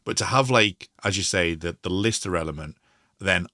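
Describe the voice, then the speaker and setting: A man's voice: deep voice, normal speed, sharp tone, no echo, studio quality. A man on a podcast panel, chatting enthusiastically in a rambling way and acting out quoted lines. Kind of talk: casual chat. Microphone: home podcast mic.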